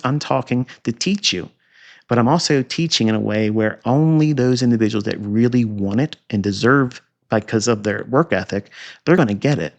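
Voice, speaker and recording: A man's voice: on the low side, gravelly. A man giving a recorded trading lecture over price charts, emphatic and repetitive, with rhetorical questions and scornful asides. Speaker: trading educator.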